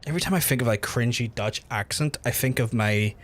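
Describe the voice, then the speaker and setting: Brief: Belfast male streamer, mid-pitch, loose and animated, swears a lot, quick halting restarts. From Northern Ireland. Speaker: livestream host. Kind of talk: casual chat with livestream viewers.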